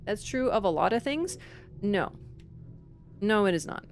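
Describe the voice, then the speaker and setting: Woman streamer, mid-pitched, blunt and chatty with chat, game music under her voice. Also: animated, a little slow. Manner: chatty and opinionated, talks straight to chat; sudden loud yelps at the game. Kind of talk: live gameplay commentary and chat reading.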